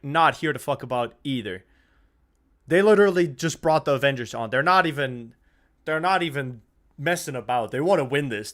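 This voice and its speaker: A young man hosting a live football watch-along stream, chatting casually, swearing freely and getting worked up over the play. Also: a little high. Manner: excitable, swears freely, shouts and laughs at goals.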